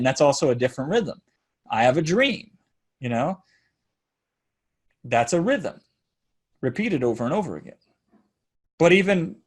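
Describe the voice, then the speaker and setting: Man, fairly high voice, lively speaking coach, chants examples to show rhythm. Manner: animated, demonstrates rhythms by chanting and sounding out beats. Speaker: public speaking teacher. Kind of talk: teaching talk on speech delivery.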